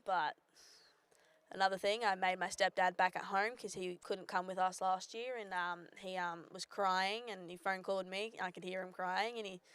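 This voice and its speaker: A woman's voice: medium pitch, a bit bright, clean tone, no echo. A young Australian woman, a bowls player, answering questions hesitantly with frequent ums. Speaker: bowls player being interviewed.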